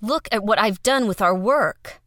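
A woman voicing an irritable male giant larva scientist who barks curt, loud lines. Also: mid-range voice, unhurried, no room sound, studio quality, lightly acted.

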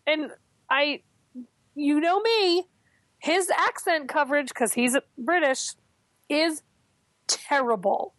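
Animated, opinionated woman podcaster. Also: slow, pauses often, no echo. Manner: animated, opinionated, jumps in pitch. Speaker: podcast co-host. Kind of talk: casual chat.

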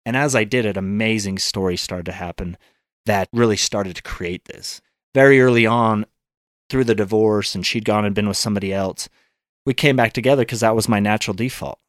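Guy telling a long personal story, slightly low voice, dry close sound. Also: fairly quick, no echo. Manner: earnest, acts out quoted thoughts. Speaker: guest. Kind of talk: storytelling in a podcast interview.

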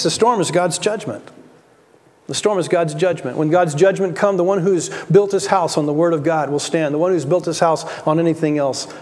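A man with a high voice preaches a sermon in earnest, often repeating words as he builds a point and then dropping his voice low for weight. The sound carries the long ringing reverb of a large church hall. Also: a little mellow. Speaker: pastor.

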